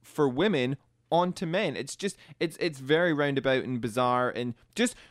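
An opinionated male radio co-host in a studio, venting with exasperated emphasis. His middle-pitched voice sounds dry and close, with no room around it. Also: normal speed, no echo. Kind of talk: casual radio chat.

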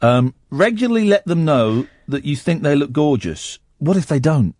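A jokey radio host talking on a dry studio microphone. His pitch swings about a lot as he reads and riffs, and his voice is a touch husky. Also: very animated, normal speed, darkish tone, dry recording. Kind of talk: casual late-night radio chat.

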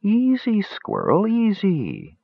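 A man's voice: high-pitched, wildly swooping pitch, slow, creaky, dry recording, pitched above the performer's own voice, heavily acted. A man doing a sly lazy tabby cat. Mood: wry. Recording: slightly dull lo-fi recording.

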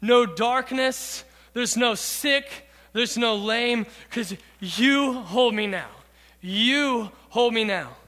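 A man's voice: very high-pitched, slow pace, sharp tone. A man preaching to a youth group, earnestly talking through song lyrics line by line. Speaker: youth pastor. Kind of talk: sermon. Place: church hall. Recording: reverberant hall.

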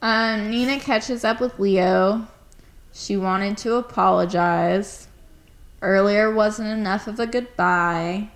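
A woman's voice: mid-range voice, fairly even intonation, takes it slowly. Blunt podcast co-host, woman, casual and irritated, salty language. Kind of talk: casual chat recapping a TV show.

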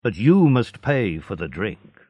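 A man's voice: on the low side, sing-song, unhurried, husky, dry recording, highs cut off, full character voice. A man voicing an envious, sneering neighbour in a storybook reading. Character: envious grumbling male neighbour.

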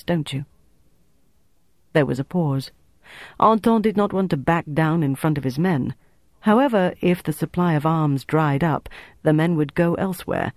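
Male audiobook narrator, slightly high voice, steady measured pace. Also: no echo.

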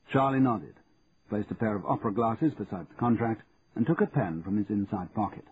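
A man narrating an audiobook in a steady, measured reading. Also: fairly low pitch. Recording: tinny narrow band, faint hiss.

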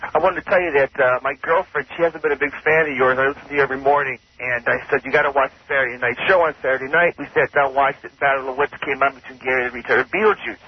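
A man's voice: medium pitch, fairly even intonation, fast talker, breathy edge. A man calling in to a radio show, eager and enthusiastic. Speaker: caller. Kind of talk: phone-in call. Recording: phone call on dull radio.

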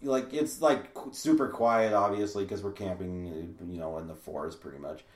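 A man's voice: low voice, normal speed, echoey room, distant mic. A man telling a long story in casual chat with friends, rambling with many fillers.

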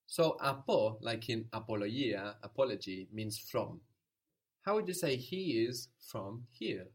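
A man's voice: lowish voice, animated, a little slow, husky. A man teaching a language lesson, patiently prompting, repeating answers and explaining where words come from.

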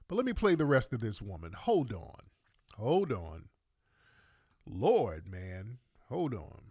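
Indignant male podcast host, lively pitch. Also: slow pace, husky, no echo, clean studio sound. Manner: indignant, mocking, repeats rhetorical questions. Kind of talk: commentary on a played clip.

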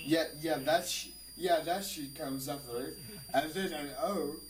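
A man's voice: a little high, measured pace, far from the mic, slight background noise. Drunk Finnish man rambling off-mic. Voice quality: slurred, rambling, heavy swearing. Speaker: livestreamer playing guitar. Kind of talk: casual drunken stream chat. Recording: roomy, off-mic, loud guitar. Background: guitar music.

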